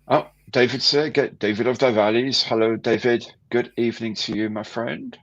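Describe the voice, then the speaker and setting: A man's voice: mid-range voice, fairly bright tone, dull audio. A man hosting a casual live stream, chatting and greeting viewers by name.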